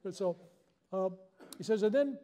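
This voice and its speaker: A man's voice: high voice, normal speed, dark tone. A man leading a spiritual workshop, telling a personal story to a live audience in a joking, self-deprecating way.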